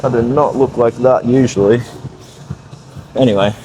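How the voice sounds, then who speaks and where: A man's voice: medium pitch, steady tone, moderate pace, dark tone, slight background noise, poor audio. A man vlogging casually from a gym, chatty and hyped as he talks through his workout. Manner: hyped, chatty, self-amused. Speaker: fitness vlogger. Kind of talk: casual vlog commentary.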